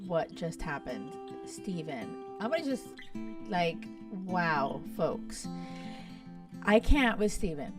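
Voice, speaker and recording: A young woman hosting a podcast, chatting in an animated, gossipy and blunt way with lots of swearing. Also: fairly low pitch, slow pace, distant mic, loud music behind the voice. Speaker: podcast host. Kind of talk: casual chat reacting to a reality show.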